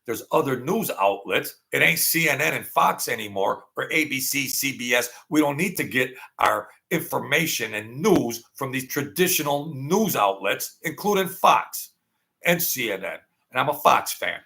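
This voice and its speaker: A middle-aged man with a gravelly voice, ranting angrily and profanely in a rambling political monologue. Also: medium pitch, lively intonation, normal speed. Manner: angry, profane, rambling rant with sudden loud outbursts. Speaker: political commentary vlogger.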